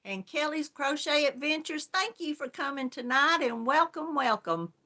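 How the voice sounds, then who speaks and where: A woman's voice: high voice, expressive, normal speed, pushed and bright. A woman hosting a crochet livestream, chatting casually and greeting viewers by name in a homey way.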